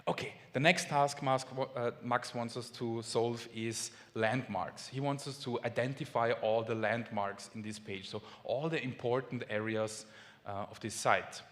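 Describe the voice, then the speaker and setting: A man from Austria with an Austrian German accent, explaining lively at a conference talk, German his first language. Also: medium pitch, unhurried. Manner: lively, friendly explaining with small restarts. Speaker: conference speaker. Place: large conference hall. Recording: long hall reverb.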